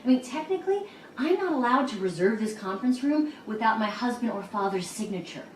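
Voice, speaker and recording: A woman's voice: on the high side, expressive, brisk, slight background noise, lightly acted. An actress playing an earnest, upbeat woman councilor in a sitcom, speaking eagerly. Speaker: city councilor. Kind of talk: TV sitcom acting. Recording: sitcom clip, roomy and distant.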